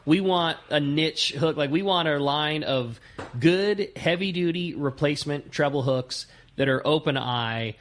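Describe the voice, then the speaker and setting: Dude co-hosting a fishing show, kinda high voice, animated and slangy. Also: male voice, unhurried. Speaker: radio show co-host. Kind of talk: casual radio chat.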